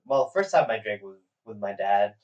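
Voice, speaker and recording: A man's voice: on the low side, expressive, normal speed, a little mellow. A man on a casual podcast telling a story in a laid-back, hesitant way with many ums. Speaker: podcast co-host. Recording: distant mic, dull lo-fi sound.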